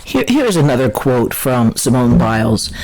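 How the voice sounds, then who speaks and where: A woman's voice: a bass voice, sing-song, normal speed, darkish tone, rough recording. A woman hosting a podcast, giving chatty, opinionated political commentary in a scornful, mocking way. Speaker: podcast host.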